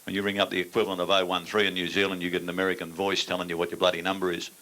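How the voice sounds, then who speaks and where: An older Australian man holds the stage with crude, blunt banter, peppering it with swearing and "mate". His voice sits low but cuts hard and sharp, and his talk is plain and jabbing. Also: monotone, racing, rough recording. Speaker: stand-up performer on stage.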